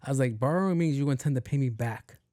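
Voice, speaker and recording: A man's voice: medium pitch, quick pace, dark tone, no echo, studio quality. A young man hosting a podcast, telling a rambling, profane story and acting out both sides of the conversation. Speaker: podcast host. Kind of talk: casual storytelling monologue.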